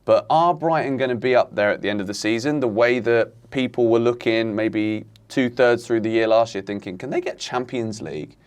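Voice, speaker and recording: A man hosting a casual football chat, talking in animated, exasperated rants. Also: mid-range voice, fairly quick, hardly any pauses, smooth. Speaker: football podcast host.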